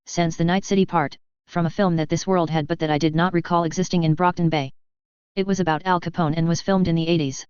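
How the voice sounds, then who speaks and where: A woman narrating a first-person story in an audiobook with a steady, even reading. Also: lowish voice, smooth, dry recording. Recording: dull, lo-fi and dry.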